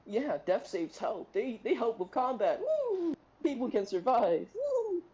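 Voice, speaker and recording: A man's voice: sits high, normal speed, darkish tone, dull audio. A man playing a tabletop game, ranting with raw emotion and heavy swearing in casual chat.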